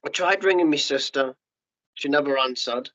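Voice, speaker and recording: A middle-aged man telling his story as a podcast guest, blunt and sweary, with quick restarts and acted-out quotes. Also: fairly high pitch, a bit bright. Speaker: podcast guest, former paratrooper. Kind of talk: candid storytelling interview. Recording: muffled lo-fi podcast audio.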